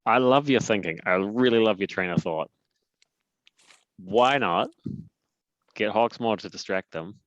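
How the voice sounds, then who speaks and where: Deep-ish guy making wry comments at a game table, muffled dry mic. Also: unhurried, long pauses, no room sound. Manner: questioning, dry wit. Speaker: player.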